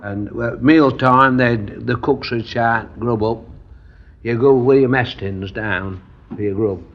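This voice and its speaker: A man's voice: medium pitch, unhurried, background noise. An older male veteran recalling the war in a plainspoken, matter-of-fact way. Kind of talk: reminiscing interview. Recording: dull lo-fi archive recording.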